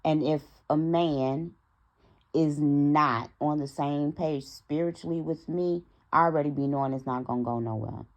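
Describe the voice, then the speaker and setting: Low gravelly woman telling a story. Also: measured pace, muffled recording. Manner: animated, talks straight to her audience, acts out quoted dialogue. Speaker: storytime vlogger. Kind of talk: casual storytime to viewers.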